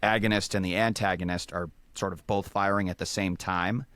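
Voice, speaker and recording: A man's voice: deep voice, fairly even intonation, brisk, a bit bright, dry recording. A man casually explaining sports science step by step, with many fillers.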